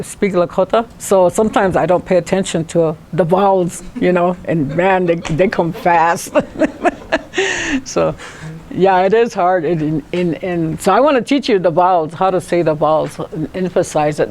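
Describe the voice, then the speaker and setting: Chatty woman teaching a class. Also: mid-range voice. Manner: laughs often while telling stories; spells out syllables slowly. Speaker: language teacher.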